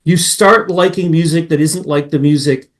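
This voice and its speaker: Animated man in casual chat. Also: a little high, normal speed. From Massachusetts. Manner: animated, jumps between memories with excited asides. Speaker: podcast guest.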